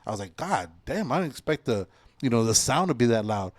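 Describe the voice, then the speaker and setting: A man in his forties hosting a podcast, telling stories in a casual, profane, animated way. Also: mid-range voice, a little fast, no room sound. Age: 40s. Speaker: podcast host. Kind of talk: casual chat.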